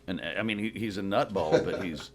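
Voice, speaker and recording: A middle-aged man with a very low voice talks in a loose, rambling way. He tells his stories with animation, as a guest in a casual chat. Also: moderate pace, darkish tone. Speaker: guest actor.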